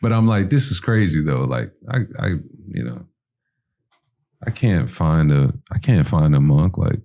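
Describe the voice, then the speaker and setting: A man's voice: rumbling low, expressive, measured pace, creaky, warm tone. A man telling a long personal story on a podcast in a rambling, casual way, full of fillers, acting out what people said. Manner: rambling, full of "you know" and "like", acting out quoted dialogue. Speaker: podcast guest.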